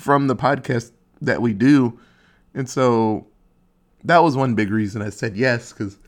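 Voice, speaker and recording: A young man hosting a casual solo podcast, rambling and swearing, joking at his own expense and dropping into quick silly voices. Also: medium pitch. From Ohio, USA. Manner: rambling, profane, self-mocking, acts out quick silly voices. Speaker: podcast host.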